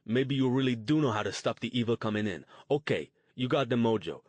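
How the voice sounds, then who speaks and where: A man voicing a gruff, hard-bitten male street outcast who talks blunt and crude in slang. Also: medium pitch, fairly quick, dry recording, natural voice. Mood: defiant.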